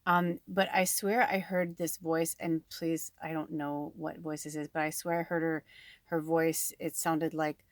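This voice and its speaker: A woman's voice: low-pitched, little pitch movement, a little slow, no echo. A woman giving a casual spiritual card reading in a rambling, chatty way, full of fillers, recorded at home on a farm. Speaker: tarot and oracle card reader.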